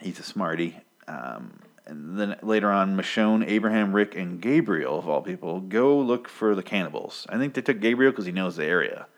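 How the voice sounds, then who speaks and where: A man's voice: low-pitched, expressive, normal speed, hardly any pauses. A man casually recapping a comic story in a profane, sarcastic way. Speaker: podcast host recapping a comic. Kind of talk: casual chat.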